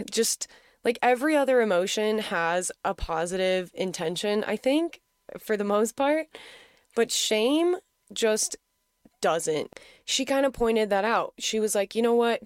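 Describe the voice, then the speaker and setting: A woman's voice: medium pitch, smooth, dry recording, studio quality. A young adult woman telling a personal story in a frank, casual way, swearing freely and laughing often.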